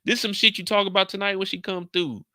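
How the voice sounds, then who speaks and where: A young man with a bright, forceful voice, riffing casually and profanely as he recaps a show and slips into the characters' lines. The sound is close and dry, with no room around it. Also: high voice, little pitch movement, fast talker, no room sound. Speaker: show commentator. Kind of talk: animated casual recap commentary.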